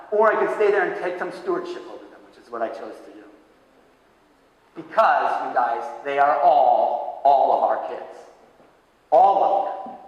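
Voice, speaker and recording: Animated man giving a keynote in an echoey hall. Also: lo-fi sound. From Massachusetts, USA. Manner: animated storyteller, acts out voices with big pitch jumps. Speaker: keynote speaker. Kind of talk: conference keynote talk. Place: large hall. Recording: echoey hall, heard from far off.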